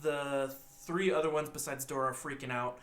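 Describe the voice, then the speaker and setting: A young male podcast co-host recaps a movie's plot casually, rambling animatedly and acting out the characters' lines. His voice is mid-range at normal speed.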